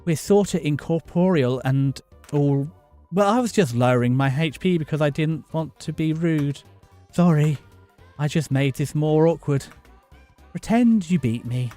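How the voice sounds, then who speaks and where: Man as a shy apologetic ghost, slow and hushed. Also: fairly high pitch, lively intonation, faint music behind. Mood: mopey.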